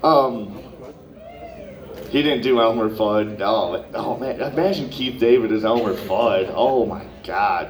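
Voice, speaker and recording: A young man doing open-mic stand-up, rambling through a profane story with lots of asides. His voice sits at an ordinary pitch for a man. The recording is roomy and echoey, caught from some distance off the mic. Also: slow pace. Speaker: stand-up comedian. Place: comedy club open mic.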